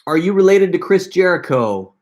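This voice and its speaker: A man's voice: sits high, big pitch swings, moderate pace. A man casually answering fan questions on a live stream, rambling and self-deprecating, with frequent stammers and laughs.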